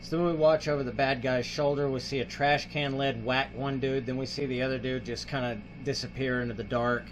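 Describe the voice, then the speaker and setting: A man's voice: mid-range voice, fairly even intonation, a little fast, hardly any pauses, slight background noise. A male host casually retelling a film's plot in a rambling, filler-heavy way, acting out the characters' lines. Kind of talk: casual film review.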